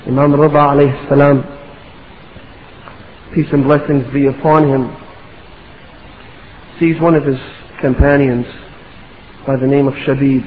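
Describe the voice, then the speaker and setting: A man's voice: mid-range voice, flat delivery, a little slow, long pauses, slight background noise. A man preaching a sermon, impassioned, building to pleading rhetorical questions. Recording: echoey hall, dull lo-fi sound.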